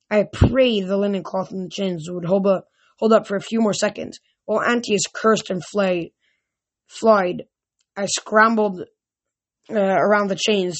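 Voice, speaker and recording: A woman with a voice of middling pitch reads a novel aloud. She stumbles over words now and then and starts over. She raises her voice when characters shout. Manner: reads aloud with frequent slips and restarts. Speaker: reader. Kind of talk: amateur audiobook reading.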